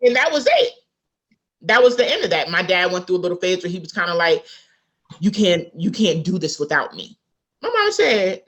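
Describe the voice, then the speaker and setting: A woman author tells a family story in a relaxed interview. Her voice sits a little low, and she mimics the people she quotes in a lively, animated way. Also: moderate pace. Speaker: author guest.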